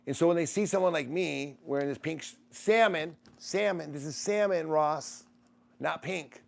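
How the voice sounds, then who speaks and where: A man hosting a casual livestream, reading out viewer comments in a rambling, animated way, swearing freely and laughing often. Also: a little high, normal speed, gravelly.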